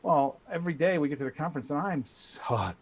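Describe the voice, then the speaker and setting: Middle-aged guy telling a funny story, kinda high voice, lots of stops and restarts. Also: quick pace, breathy edge. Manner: animated, trash-talking storyteller with many restarts. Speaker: guest speaker. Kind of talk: casual storytelling.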